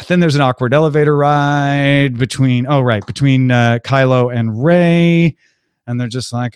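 A man's voice: medium pitch, fairly even intonation, clean tone, no echo. Breezy, jokey man with a dry close sound. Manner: breezy, jokey, slips into quick impressions of characters. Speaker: podcast host recapping a film. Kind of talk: casual recap.

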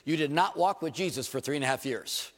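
A male pastor, preaching an animated sermon full of rhetorical questions and self-deprecating humor. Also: fairly high pitch, a little fast. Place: church sanctuary. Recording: long reverb of a church hall.

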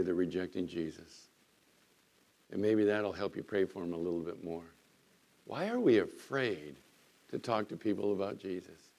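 A man preaching a sermon as pastor, swinging between quiet, earnest stretches and loud, emphatic bursts, often acting out the objections of doubters. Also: medium pitch.

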